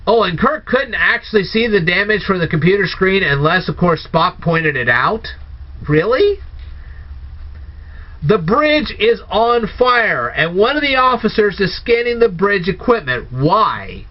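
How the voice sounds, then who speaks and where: A man's voice: sits high, sing-song, normal speed, hardly any pauses. A man giving a casual spoken movie review, firing off incredulous, sarcastic rhetorical questions. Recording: dull lo-fi recording.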